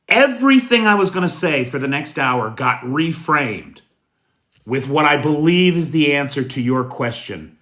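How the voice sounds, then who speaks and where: An American man hosting a casual livestream news show, greeting viewers by name in a folksy, unhurried way. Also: on the high side, expressive, a bit bright. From United States. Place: indoors at night.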